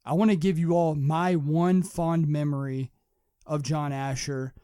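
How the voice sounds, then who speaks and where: A young man from Kentucky hosting a sports podcast, giving an earnest, lively sports talk monologue. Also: a little high, measured pace, clean tone, dry recording, clean studio sound. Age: young adult. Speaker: podcast host.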